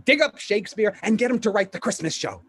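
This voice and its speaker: An actor playing a pushy, fast-talking male Hollywood agent in a live play reading over a video call, with rapid, stammering sales patter. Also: fairly high pitch, big pitch swings, a little hiss or hum. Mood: salesy. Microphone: home computer mic on a video call.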